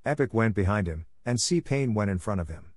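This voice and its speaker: A man reading an action story aloud in a steady, plain narration. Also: fairly low pitch, normal speed, no echo, studio quality.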